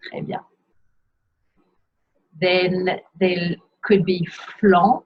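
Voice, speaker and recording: A woman teaching how to pronounce pastry names in a slow, careful lesson, saying each word and repeating it. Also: fairly low pitch, slightly rough. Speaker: French teacher. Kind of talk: pronunciation lesson. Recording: dull lo-fi sound.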